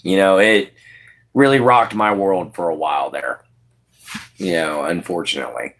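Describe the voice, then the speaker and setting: A man's voice: sits low, normal speed, fairly bright tone. A man hosting a casual livestream, chatting with viewers by name and laughing often. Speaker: livestream host.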